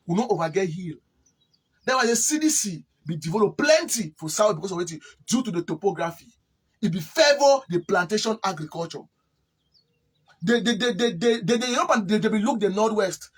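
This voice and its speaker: A man's voice: high voice, husky. A man from Cameroon with a Cameroonian Pidgin English accent, giving a rambling spoken account of history and repeating words as he searches for them. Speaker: interviewee.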